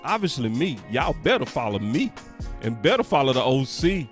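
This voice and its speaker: A man's voice: medium pitch, big pitch swings, normal speed, soft background music. A man hosting a sports podcast, talking directly and emphatically to his viewers in a casual style.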